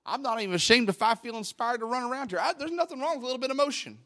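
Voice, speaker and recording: A middle-aged male pastor preaching a Pentecostal sermon into a microphone in a church, talking conversationally and then swelling into loud, fervent bursts. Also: very high-pitched, lively intonation, rapid-fire, dry recording, clean studio sound. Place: church sanctuary. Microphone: handheld microphone at the pulpit.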